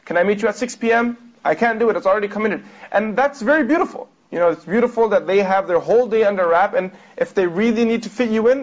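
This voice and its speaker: A man teaching a religious class, explaining a read text and putting rhetorical questions to his listeners. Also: high voice. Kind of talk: lecture commenting on a read text. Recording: dull lo-fi recording.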